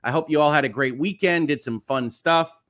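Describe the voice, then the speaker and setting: A man's voice: on the high side, moderate pace, fairly bright tone. A middle-aged man, hosting a casual morning live stream in an upbeat, chatty way with many fillers. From United States. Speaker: host.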